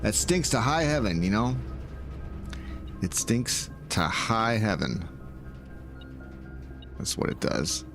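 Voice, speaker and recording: A man thinking aloud and talking to his viewers in let's-play commentary, moving from calm planning to loud outcries. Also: on the low side, slow pace, pauses often, over music. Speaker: gaming video creator.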